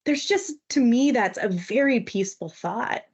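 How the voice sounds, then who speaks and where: A woman's voice: on the high side, lively intonation, normal speed, breathy edge, muffled recording. A woman co-hosting a podcast, telling a personal story earnestly and often asking "right?". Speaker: podcast co-host. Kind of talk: reflective podcast conversation.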